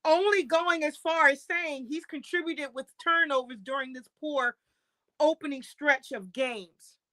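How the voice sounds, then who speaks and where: Bright, high-voiced fiery woman co-host. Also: unhurried, no echo, rough recording. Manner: fiery, fires rhetorical questions. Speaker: sports talk co-host. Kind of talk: live-streamed sports talk.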